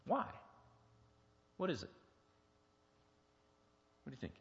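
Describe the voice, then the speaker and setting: Speaking slowly in a slightly high, somewhat bright voice with huge swings in pitch, a male pastor gives a chatty teaching sermon full of questions for the congregation. It was recorded in a church sanctuary, and the audio is dull and lo-fi with a long hall reverb.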